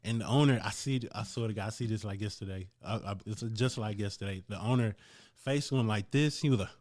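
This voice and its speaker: A podcast host tells a gym story in a casual chat, speaking fairly quickly. He's animated and acts out quoted voices with big jumps in pitch.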